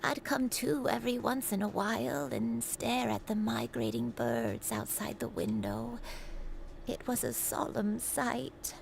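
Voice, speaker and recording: A woman voicing a frail elderly woman in a video game, speaking slowly with halting, apologetic pauses. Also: a little high, big pitch swings, gravelly, a little hiss or hum, exaggerated voice, poor audio. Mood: wistful. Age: older. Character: frail elderly woman recalling a long illness.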